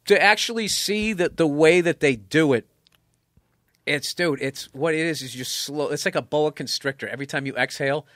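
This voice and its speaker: Profane, animated man telling a story. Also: fairly high pitch, normal speed, no room sound, clean studio sound. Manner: animated, profane, jumps from mumbling to excited outbursts. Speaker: comedian guest. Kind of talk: casual podcast storytelling.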